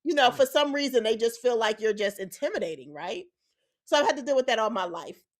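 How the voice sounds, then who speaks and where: A woman's voice: fairly high pitch, animated, fairly quick. A woman co-hosting a podcast, telling a personal story in an earnest, emphatic way. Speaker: podcast co-host. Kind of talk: casual opinionated chat.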